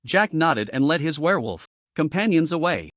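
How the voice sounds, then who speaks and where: Lively, higher-pitched male story narrator. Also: moderate pace, no echo, studio quality. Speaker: recap narrator. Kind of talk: scripted narration.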